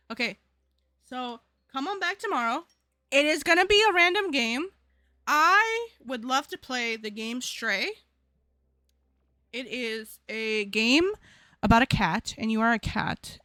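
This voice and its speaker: A woman's voice: fairly high pitch, lively intonation, a little slow, pauses often, sharp tone, dry recording. A young woman streamer chatting casually at the end of a stream, rambling and repeating herself as she talks to her chat.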